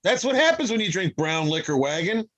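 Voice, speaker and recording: A man's voice: high voice, big pitch swings, brisk, raised voice. A man from Michigan hosting a live-stream talk show, teasing and exasperated as his guests argue. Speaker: show host. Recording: noisy live-stream mic.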